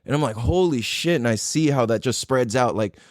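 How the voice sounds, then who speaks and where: A man's voice: mid-range voice, fairly quick, no echo, studio quality. A man hosting a podcast and telling a personal story in a loose, profane way, full of "like" and "dude". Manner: animated, reenacting his own past reactions. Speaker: podcast host.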